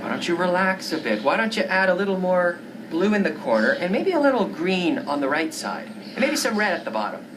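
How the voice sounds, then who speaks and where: A woman acting out a lesson skit, coaxing and repeating phrases slowly. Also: on the low side, sing-song, noisy background. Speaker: English teacher acting a skit. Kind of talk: acted dialogue sketch.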